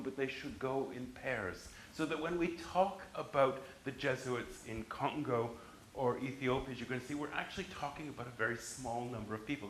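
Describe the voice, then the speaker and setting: A man's voice: mid-range voice, a bit bright. Man, university lecturer, emphatic with restarts, roomy hall echo, faint background noise.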